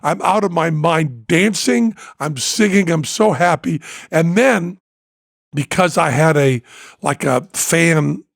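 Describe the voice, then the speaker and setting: A man hosting a podcast, telling a story in casual chat, excitable and breaking into loud laughter and shouts. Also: fairly high pitch, slow pace, gravelly, dry recording, clean studio sound. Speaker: podcast host.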